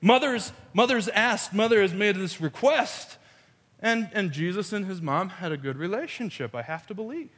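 A man's voice: high-pitched, animated, normal speed, fairly bright tone, big-room sound. A man preaching a sermon, telling a family story with playful quoted voices. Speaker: pastor.

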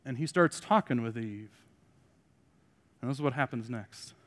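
A man's voice: mid-range voice, normal speed. Joking preacher man in a reverberant hall. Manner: joking asides to the congregation; shifts between loud emphasis and quiet asides. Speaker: pastor. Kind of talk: sermon.

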